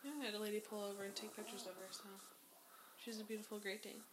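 A woman co-hosting a casual podcast chat, animated and quick to laugh, swearing freely. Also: mid-range voice, slight background noise, rough recording. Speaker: podcast co-host.

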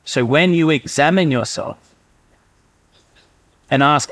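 A man's voice: on the high side, moderate pace, fairly bright tone, no room sound. A man preaching a sermon in a conversational way, sometimes acting out inner voices. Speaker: pastor.

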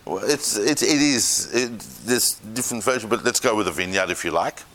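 Man, Bible teacher, lively storytelling lecture, chatty asides, bright voice. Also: on the low side, moderate pace, slight background noise. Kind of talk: lively lecture to a live class.

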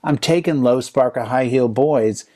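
Animated man telling stories in casual chat. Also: medium pitch, a little slow. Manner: animated storyteller, voices other people's lines in quotes. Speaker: DJ and podcast co-host.

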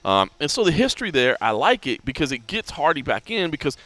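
A man hosting a podcast, chatting casually about fights, animated and full of restarts. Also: fairly high pitch, no room sound. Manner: animated, talks fast with many restarts. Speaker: podcast host. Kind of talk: casual sports chat.

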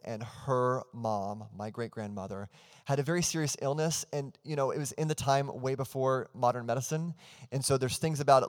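A man in his thirties preaches to his church, his voice sitting at an ordinary middle pitch. He tells a family story with earnest conviction and then leads the room in prayer. His words ring out with a long reverb from the church hall around him. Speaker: pastor. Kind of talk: sermon.

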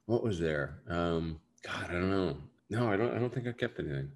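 A man's voice: low voice, expressive, fairly quick. A man, an actor, chatting casually in an interview, rambling and self-deprecating with many fillers. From United States. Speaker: actor guest.

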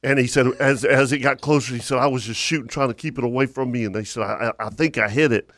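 A man's voice: medium pitch, fast talker, a bit bright, dry recording. A man hosting a fishing podcast who tells stories in a rambling, repetitive way and laughs through them. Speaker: podcast host. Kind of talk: casual storytelling chat.

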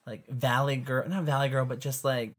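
Female co-host, strikingly low voice, enthusiastic and easygoing. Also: fairly even intonation, normal speed. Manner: enthusiastic, agreeable. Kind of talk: casual book discussion.

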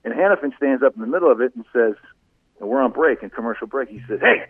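A man and former radio broadcaster telling animated anecdotes in a casual interview. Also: medium pitch, racing, breathy edge, dry recording. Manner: animated anecdotes, voice rising when telling funny moments. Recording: phone-like narrow sound, dry.

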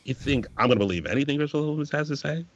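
A man co-hosting a podcast, jumping in with quick joking remarks in casual chat. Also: on the high side, expressive, no echo. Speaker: podcast co-host. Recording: dry, dull, husky-sounding audio.

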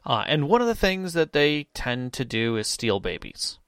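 A man's voice: mid-range voice, big pitch swings, normal speed, fairly bright tone, clear, resonant tone, no echo, clean studio sound. A man and podcast co-host who runs tabletop games, chatting casually and retelling a table story with energy. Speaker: game master, podcast co-host.

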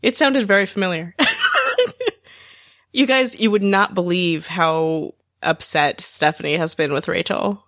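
A woman co-hosting a podcast in casual chat, expressive and rambling, often laughing. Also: on the low side, measured pace, dry recording, studio quality. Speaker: podcast co-host.

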